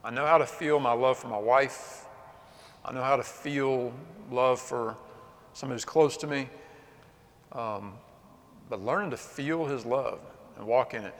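A man preaching a sermon with passion, swinging between loud outbursts and hushed, earnest moments. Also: medium pitch, measured pace, long pauses. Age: adult. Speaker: pastor. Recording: long hall reverb.

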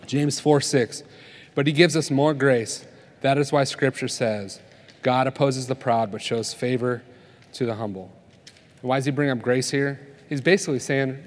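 A man's voice: mid-range voice, moderate pace. A man giving a conversational sermon at a family conference, telling stories and asking the audience questions. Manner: conversational preaching, tells stories, asks the crowd "right?". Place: conference hall. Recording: long reverb of a conference hall.

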